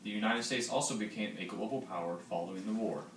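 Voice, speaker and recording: A teenage boy reading a school history project in a plain, steady way. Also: lowish voice, fast talker. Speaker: student presenter. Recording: roomy, distant mic, faint noise.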